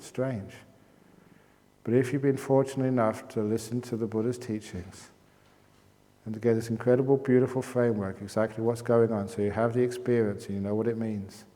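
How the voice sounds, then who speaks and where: A man's voice: lowish voice, steady tone, moderate pace, pauses often, dark tone. A man giving a dharma talk at a meditation retreat as its teacher, in a playful, joking manner. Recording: long reverb of a hall.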